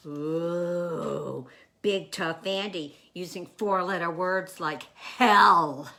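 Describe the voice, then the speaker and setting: A woman reading the part of a rich, teasing young artist in a staged play reading, sharp-tongued in her replies. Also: deep voice, animated, a little slow, full character voice.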